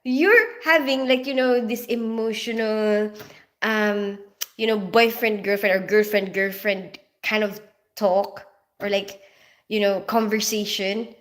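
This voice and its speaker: Slow and steady, a Filipino-accented woman chats casually with her livestream audience, reading comments and greeting people by name between laughs. Her mid-range voice carries a slightly bright tone. She is from the Philippines.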